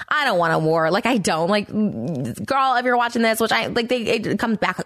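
A woman hosting her own podcast, talking in a blunt, profane, rambling way full of fillers, her pitch jumping up when she gets worked up. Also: animated, a little fast, few pauses, fairly bright tone, no room sound, studio quality. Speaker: podcast host. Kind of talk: casual commentary monologue.

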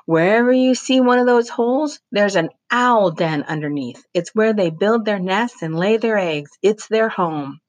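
A woman's voice: mid-range voice, expressive, unhurried, few pauses, pitched above the performer's own voice, natural voice. A woman voicing an earnest, indignant schoolboy in a storybook reading, speaking up in a raised, urgent voice. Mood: insistent.

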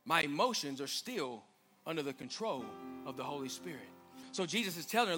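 A man's voice: fairly high pitch, animated, a little fast, sharp tone, faint music behind. A male pastor preaching a sermon in a church, driving points home with rhetorical questions and emphatic repetition.

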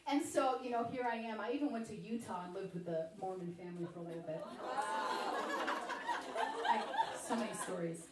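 A woman giving a sermon-style personal testimony, telling her story in a lively way with chatty asides to the audience. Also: medium pitch, fairly quick, long pauses, a crowd in the background. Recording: echoey hall, mic at a distance.

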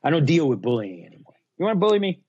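A man with a gravelly, husky voice tells stories in a casual podcast interview. He is blunt and animated, with lively swings in pitch. The sound is a little dull and lo-fi. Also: very fast, no echo. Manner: blunt, animated storyteller acting out customers. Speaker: guest, luggage company owner.

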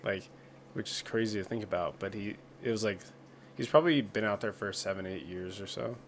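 A man's voice: lowish voice, brisk, a little hiss or hum. A man from the United States in a casual chat, rambling with many fillers.

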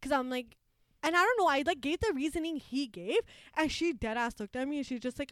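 A woman's voice: high voice, expressive, brisk, fairly bright tone, no room sound, clean studio sound. A young woman in her twenties, a law student, telling a story in casual chat with lots of fillers, acting out quotes, laughing often.

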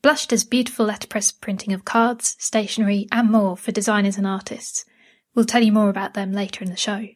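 Woman podcast host from England; easygoing chat, quick to laugh. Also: medium pitch, little pitch movement. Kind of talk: casual chat.

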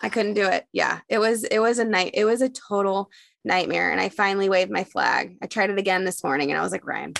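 Gravelly-voiced woman telling a story. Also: medium pitch, a little fast, no room sound. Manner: animated storyteller, acts out quotes in raised voices. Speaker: podcast co-host. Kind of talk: casual chat, storytelling.

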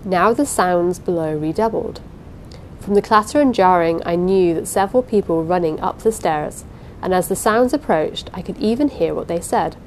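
A woman's voice: fairly low pitch, normal speed, a little hiss or hum, low-quality recording. Woman narrating a suspenseful story. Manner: dramatic, suspenseful reading. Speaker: audiobook narrator. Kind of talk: scripted first-person narration.

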